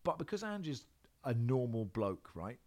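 A man's voice: mid-range voice, normal speed. A man, a football presenter living in Australia, chatting in an interview with lots of restarts and fillers. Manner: rambling, animated, many restarts. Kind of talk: casual interview chat. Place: home in Australia.

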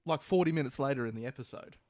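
A man's voice: medium pitch, rapid-fire, a little mellow, dry recording. An Australian man co-hosting a podcast, chatting casually in a blunt, joking way and swearing freely. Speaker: podcast co-host. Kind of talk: casual chat.

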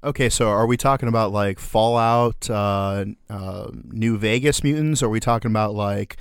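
A man's voice: lowish voice, normal speed, clean tone, no room sound, studio quality. A man from Florida, a podcast co-host in casual chat, laughing often and swearing through playful banter.

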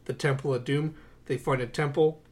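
A young man co-hosting a podcast, chatting casually about movies with a wry, sarcastic, animated delivery. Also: mid-range voice, normal speed. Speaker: podcast co-host. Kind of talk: casual movie-review chat.

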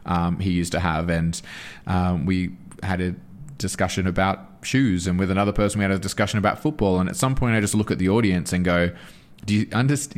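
Low-voiced man telling stories animatedly. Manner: animated storytelling with frequent restarts. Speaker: guest; anti-bullying school performer. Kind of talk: interview answer.

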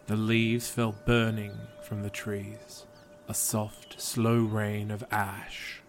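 A man narrating a story in a calm, solemn, measured reading. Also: on the low side, faint music behind.

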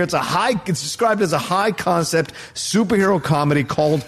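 A man hosting a casual movie news talk show, upbeat and joking, with quick asides. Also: fairly high pitch, animated, a bit bright, a little hiss or hum. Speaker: host.

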